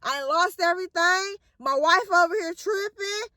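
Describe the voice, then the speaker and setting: A woman's voice: very high voice, moderate pace, pushed and bright, dry recording, clean studio sound, voice pushed up. A woman voicing an exasperated grown man who talks in slang and repeats himself as he demands answers. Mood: frustrated. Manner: slangy, repetitive, rising in frustration.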